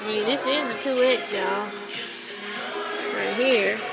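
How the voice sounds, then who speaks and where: A woman, chatting excitedly to viewers while filming a casual vlog outdoors and in a store. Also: medium pitch, slow, gravelly, rough recording. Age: late 30s. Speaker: vlogger. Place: outdoors, then inside a discount store. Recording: music playing behind her.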